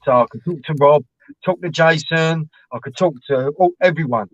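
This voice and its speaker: Male co-host, higher-voiced storyteller, lo-fi dry call audio. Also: normal speed, dry recording. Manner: rambling, laughing anecdotes with mimicked dialogue. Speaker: co-host of a live stream. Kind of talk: casual storytelling chat. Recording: dull lo-fi dry stream audio.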